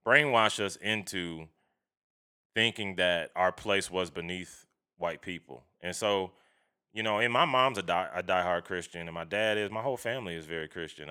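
A man with a low voice speaks in a bright, clear tone. He talks casually and bluntly, swearing freely. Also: normal speed. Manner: blunt, profane, animated storytelling. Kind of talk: casual chat.

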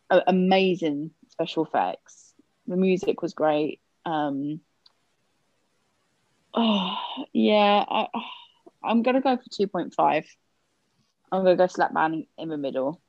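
Low, slow-talking woman reviewing films. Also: a little mellow, no echo, highs cut off. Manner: hesitant, rambling, swears casually. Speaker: podcast co-host. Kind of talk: casual film review chat.

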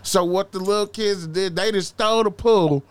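A man's voice: high voice, moderate pace, clear, resonant tone. A man as a podcast guest, telling a story casually in loose slang with heavy swearing.

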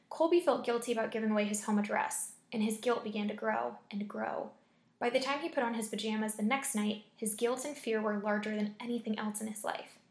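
A woman narrates a scary story in a steady, deliberate reading. Her voice sits slightly high, and the recording carries a noticeable room echo. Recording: echoey room.

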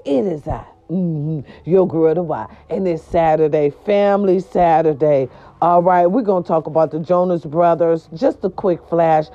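Animated, profane woman spilling gossip. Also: dull audio. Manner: animated, profane, big swoops up in pitch. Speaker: gossip vlogger. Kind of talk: casual celebrity gossip monologue.

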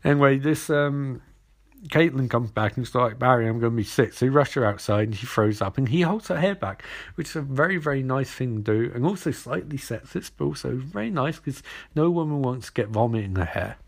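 A man's voice: medium pitch, animated, fairly quick, gravelly. A young man casually recapping a TV episode, sarcastic and rambling, acting out the characters' lines as he goes.

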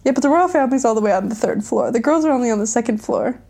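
A woman's voice: fairly high pitch, racing, gravelly, warm tone. A young woman in casual chat, retelling a story with a giggle and acting out the characters' lines. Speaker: book recapper.

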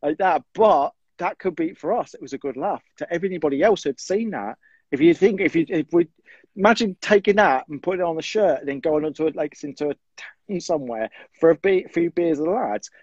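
A man's voice: fairly high pitch, expressive, fairly quick, a little mellow, slightly rough, no room sound. A man and military veteran in casual chat, reflective and conversational. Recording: dull, dry lo-fi mic.

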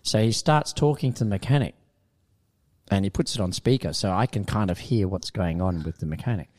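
A man telling an animated story in casual studio chat, laughing often. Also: on the low side, brisk.

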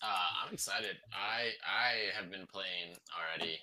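A man on a casual sports and gaming panel, relaxed and laid-back. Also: sits low, a little slow, a little hiss or hum, rough recording. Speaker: co-host panelist.

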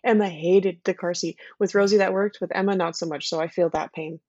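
A woman's voice: on the low side, steady tone, warm tone, dry recording. Chatty woman on a dry, dull mic. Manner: chatty, emphatic, quick asides. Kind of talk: casual conversation.

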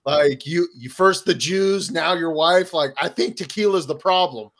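Man, podcast co-host, casual chat, rambling with lots of fillers, profane, slightly high voice. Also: moderate pace, a bit bright.

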